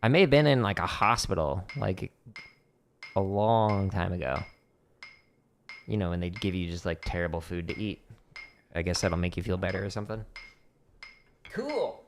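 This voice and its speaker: A man's voice: low-pitched, normal speed, pauses often, a little hiss or hum. A man teaching drumming on a casual practice stream, counting beats aloud and making playful asides to himself. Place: home practice room. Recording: loud drum clicks behind voice. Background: drumming clicks and taps.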